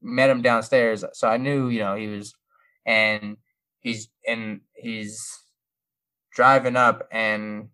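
Animated man telling a casual story. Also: fairly low pitch, slow. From Brooklyn family roots. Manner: animated, swears freely, acts out dialogue.

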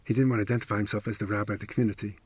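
A man's voice: on the low side, level tone, rapid-fire, darkish tone, breathy edge, dry recording. A man narrating a true story on a podcast, emphatic with wry asides, close to the mic.

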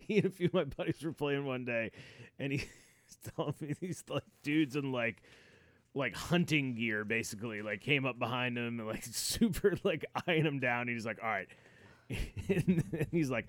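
A man's voice: mid-range voice, moderate pace, fairly bright tone, no echo. A man hosting a podcast, chatting casually in an easygoing way and often laughing. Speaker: podcast host. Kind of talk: casual chat.

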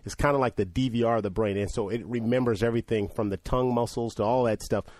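Quick, easygoing man from Nigeria. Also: mid-range voice, steady tone, darkish tone, dry recording, clean studio sound. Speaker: guest, former football player. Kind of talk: casual chat. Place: podcast studio.

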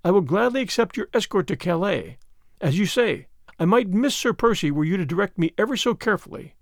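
A man's voice: high voice, expressive, brisk, dry recording, clean studio sound. A man voicing a desperate noble lady who pleads earnestly for help. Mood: resolute. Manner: pleading, urgent.

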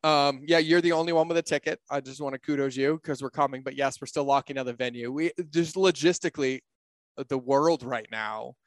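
A man talking casually on a podcast, blunt and animated, swearing freely and acting out his own quotes. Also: fairly quick, dry recording. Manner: acts out his own quotes with big pitch jumps.

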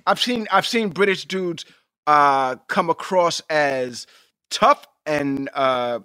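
A man co-hosting a podcast in casual chat, talking in an animated, emphatic way and swearing freely. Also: fairly high pitch, takes it slowly, clear, resonant tone, no echo, studio quality. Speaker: podcast co-host.

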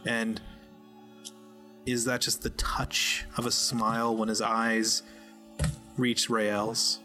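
A man leads a tabletop game as its game master, narrating scenes in a bright, forward voice. His delivery stays flat and even, broken up by ums and uhs as he builds each scene. Soft music plays underneath. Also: mid-range voice. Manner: halting narration with many fillers.

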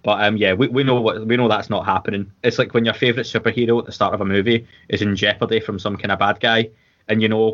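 A Scottish man with a lowish voice chats casually as a podcast co-host, rambling along with restarts and plenty of fillers. The audio is a little dull and lo-fi. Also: steady tone, quick pace, fairly bright tone. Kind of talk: casual watchalong chat.

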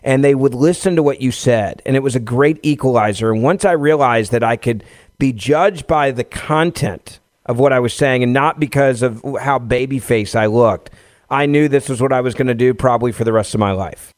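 Guest: man in his forties from Tennessee, lively storyteller, dry booth sound. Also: medium pitch, moderate pace, dry recording. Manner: lively, laughs as he talks. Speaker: guest, radio host. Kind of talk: animated personal storytelling.

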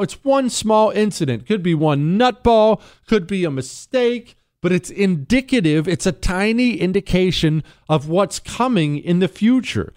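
Animated, sarcastic male talk radio host. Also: no room sound, studio quality. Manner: combative, sarcastic, jumps between loud questions and low asides. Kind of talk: opinionated talk radio monologue.

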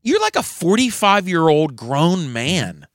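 A man co-hosting a podcast tells a heckler story with a lively, swinging pitch, breaking into loud acted-out quotes. His voice sounds dry and close, with no room around it. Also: unhurried, no room sound. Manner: swears freely. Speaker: podcast co-host and stand-up comedian. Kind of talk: animated storytelling in casual chat.

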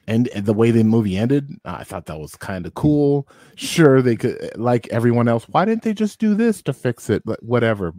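A man giving a relaxed, laid-back take in a casual movie review chat, laughing often. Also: mid-range voice, no echo, clean studio sound. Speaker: podcast guest.

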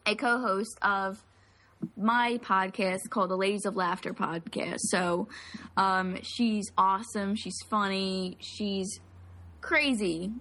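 A woman's voice: mid-range voice, fairly even intonation, takes it slowly, pushed and bright. A young woman co-hosting a podcast in casual chat, telling stories and laughing along. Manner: chatty, laughs along, tells stories about her parents. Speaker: podcast co-host.

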